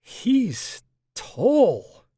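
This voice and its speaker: A man voicing a confident, loud boy delegate with a light Russian accent, speaking in a brash, teasing way in an audiobook. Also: very high-pitched, wildly swooping pitch, very slow, breathy edge, dry recording, clean studio sound, voice pushed up, heavily acted.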